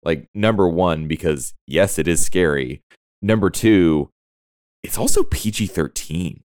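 Deep-voiced man chatting excitedly about movies. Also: unhurried, clean tone, dry recording, studio quality. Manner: enthusiastic, laughs often, acts out quotes. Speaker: podcast co-host. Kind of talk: casual movie discussion.

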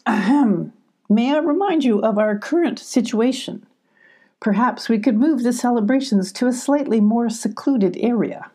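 A woman's voice: sing-song, unhurried, few pauses, dark tone. A woman voicing a fussy, anxious, very proper male badger in a storybook. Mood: fretful. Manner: fretful, formal, high-pitched exclamations.

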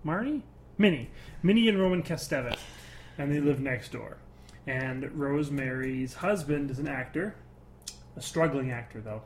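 A man co-hosting a podcast in a relaxed, casual chat, joking and teasing as he goes. He drifts through long, rambling plot recaps with a little faint background noise. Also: medium pitch, moderate pace. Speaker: podcast co-host.

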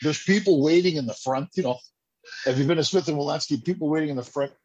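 Husky, animated man telling stories. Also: fairly high pitch, quick pace, lo-fi sound. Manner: animated, acts out quoted voices, repeats himself. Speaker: comedian hosting a chat. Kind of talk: casual storytelling chat.

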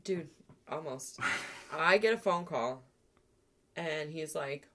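A woman, telling stories in casual podcast chat. Her voice is lower-pitched and bright, and it swings widely as she laughs her way through anecdotes. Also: expressive, takes it slowly, a little hiss or hum. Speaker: podcast co-host.

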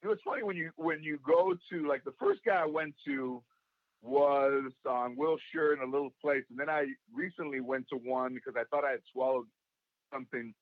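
A man with a gravelly voice, a comedian being interviewed, telling stories and acting out what people said. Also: mid-range voice, normal speed, no echo, narrow, tinny audio. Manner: storytelling, acts out quoted voices. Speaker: guest, comedian and actor. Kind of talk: casual interview talk.

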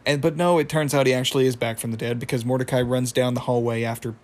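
A man's voice: medium pitch, fairly even intonation, fast, a little mellow. Rambling man recapping a cartoon. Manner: rambling, laughs often. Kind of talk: casual chat.

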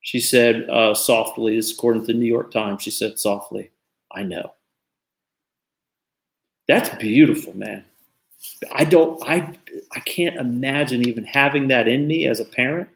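A man's voice: medium pitch, fairly even intonation, moderate pace, creaky, roomy sound. A man in his forties hosting a talk show, speaking earnestly and reflectively in casual commentary. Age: 40s.

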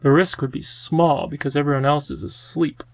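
A man voicing a charming, theatrical male cat with a genteel, drawn-out, fussy way of talking. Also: a little high, fairly even intonation, no room sound, lightly acted. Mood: wheedling.

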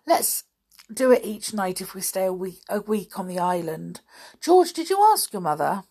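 A woman's voice: mid-range voice, sing-song, normal speed, warm tone, breathy edge. Woman doing eager little girl Anne. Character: small indignant youngest girl.

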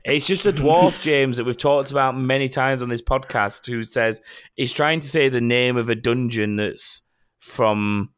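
A man's voice: medium pitch, unhurried, smooth. A man hosting a casual gaming podcast, rambling and joking, swearing now and then. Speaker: podcast host.

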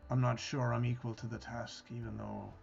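A man voicing a haunted male warrior, talking in an earnest, halting way. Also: medium pitch, flat delivery, gravelly, a little mellow, lo-fi sound, faint music behind. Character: Ruthos, a haunted male warrior hunting his brother.

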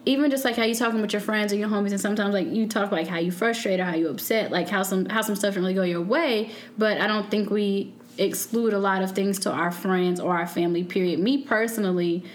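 A woman co-hosting a casual group podcast chat, talking earnestly and rambling with lots of "like" and "you know". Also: medium pitch. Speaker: podcast co-host.

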